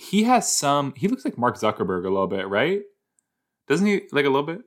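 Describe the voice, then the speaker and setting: A man's voice: on the low side, big pitch swings, normal speed. A man from the Los Angeles area hosting a podcast, giving rambling, self-mocking reaction commentary and giggling often. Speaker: podcast host.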